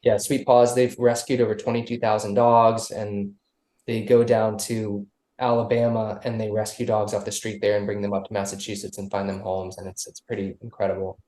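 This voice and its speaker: A man's voice: on the low side, level tone, fairly quick, dark tone. A man guesting on a casual podcast, loose and rambling with many restarts. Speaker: musician guest. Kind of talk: casual interview chat. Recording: roomy echo.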